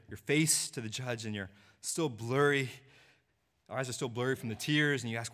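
A man preaching a sermon, dropping to a hushed, low delivery and rising to a pleading voice when he voices a sinner's confession. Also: moderate pace. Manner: swings from hushed low delivery to raised, pleading voice in quoted lines.

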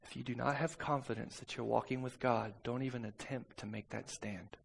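A man preaching a sermon and telling a personal story, swinging between soft, intimate passages and loud, urgent ones. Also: mid-range voice, steady tone, a little fast, creaky, slight background noise.

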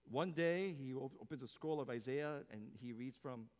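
A man preaching a sermon as pastor, swinging from hushed, soft passages to loud, emphatic exclamations. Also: mid-range voice, moderate pace. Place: church sanctuary. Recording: long hall reverb.

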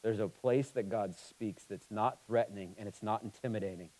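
A man preaching a sermon, moving between emphatic, passionate stretches and quiet, somber ones. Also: lowish voice, moderate pace, low-quality recording. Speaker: pastor.

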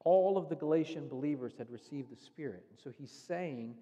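A man's voice: on the high side, a little fast, mellow, in a large hall. A man preaching a sermon as pastor, earnestly explaining scripture step by step. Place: church sanctuary.

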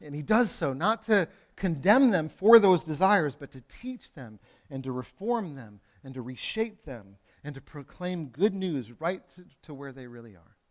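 Slightly high-voiced man preaching a sermon. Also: animated, moderate pace. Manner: conversational preaching with wide swings from loud to hushed; playful asides to the congregation. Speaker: pastor.

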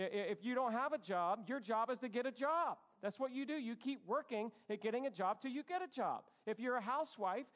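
Man, pastor, sermon, lively conversational preaching, high voice, muffled roomy recording. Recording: echoey hall, dull sound.

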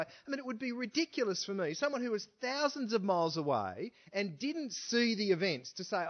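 A man's voice: high-pitched, big pitch swings, a little fast, hardly any pauses. A man preaching a sermon who speaks with emphasis and keeps asking his listeners rhetorical questions. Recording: dull lo-fi recording.

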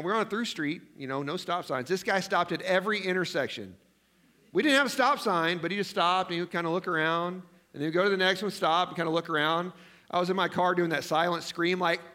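High-voiced man preaching to his congregation. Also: pushed and bright. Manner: conversational preaching, asks the congregation questions; self-deprecating, jokes about himself. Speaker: pastor. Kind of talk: sermon.

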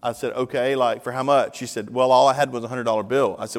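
A middle-aged male pastor tells a story during a sermon, slipping into the voices of the people in it with lively energy. His voice sits at an ordinary pitch for a man. The sound carries a long reverb, as if filling a large sanctuary. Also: fast. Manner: animated storyteller, acts out dialogue.

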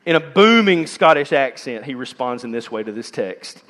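A male pastor preaching a sermon to his congregation, animated and direct as he puts questions to the people in the room. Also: mid-range voice, normal speed, hardly any pauses. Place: church sanctuary. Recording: long reverb of a large hall.

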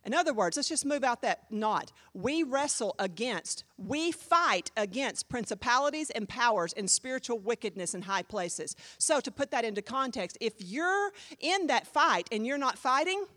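Woman pastor, high voice swinging all over the place, punchy conversational preaching. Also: lively intonation, normal speed, few pauses, a bit bright. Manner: emphatic, conversational preaching with sudden jumps in volume. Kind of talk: sermon teaching.

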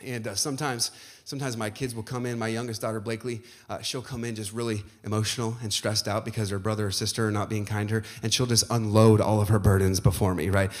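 A man's voice: fairly low pitch, flat delivery, quick pace. A middle-aged man preaching a sermon as pastor, emphatic and building to passionate peaks.

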